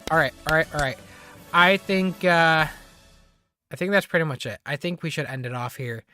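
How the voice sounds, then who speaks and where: Faint music plays behind this live streamer, who talks at a moderate pace in a medium-pitched voice. Excitable and quick to laugh, they keep the chat with viewers casual and tease them often.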